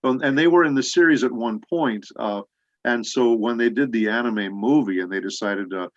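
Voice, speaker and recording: A middle-aged man, a voice actor guest, telling rambling anecdotes with many pauses in a casual interview. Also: medium pitch, dry recording. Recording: dull lo-fi audio.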